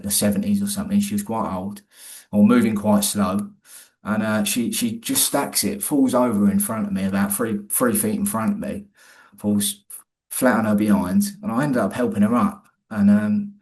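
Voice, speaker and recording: A man, his voice sitting on the low side, talks as an interview guest. He tells a personal story loosely and colloquially, often stopping and starting again mid-sentence. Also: fairly even intonation, moderate pace, a little mellow. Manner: rambling, restarts often, colloquial.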